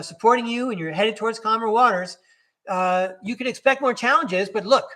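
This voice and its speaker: Man, high bright voice, chatty live-stream tarot host who laughs and self-corrects. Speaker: podcast host reading tarot.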